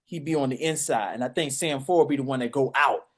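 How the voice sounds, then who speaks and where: Animated man. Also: medium pitch, a little fast. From Washington, DC. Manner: animated, acts out voices and shouts. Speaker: podcast co-host. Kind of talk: casual storytelling.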